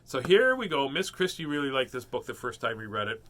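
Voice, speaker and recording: A man's voice: medium pitch, sing-song, fairly quick, a bit bright. A man hosting a read-aloud of children's picture books, reading in a playful, rhyming sing-song way.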